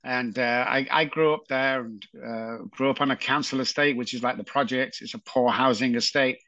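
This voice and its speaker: A man with a Manchester accent, telling his life story as a podcast guest in a chatty, animated way. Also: medium pitch, normal speed, no echo, lo-fi sound. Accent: Manchester English. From England. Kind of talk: casual storytelling.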